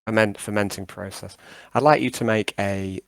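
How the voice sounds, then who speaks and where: A man's voice: fairly low pitch, steady tone, moderate pace, vocal fry, dry recording. A man running a tabletop game over a call, rambling and hesitant with many fillers and restarts. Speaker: game master.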